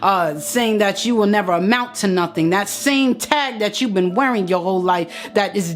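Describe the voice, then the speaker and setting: A woman's voice: mid-range voice, normal speed, hardly any pauses, faint music behind. Impassioned woman preaching to listeners. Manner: preachy, addresses listener directly, repeats phrases for emphasis. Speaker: motivational speaker. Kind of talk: impassioned motivational address to viewers.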